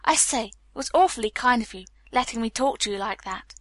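Proper young Boston gentleman read by a woman, earnest, formal, a bit stiff, fairly high voice, dry close sound. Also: expressive, a little fast, dry recording.

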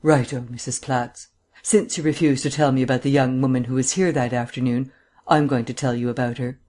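A man reading an audiobook, voicing a cool, cynical gentleman detective with a drawling, mildly mocking manner. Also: mid-range voice, steady tone, brisk, lightly acted. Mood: cool, probing.

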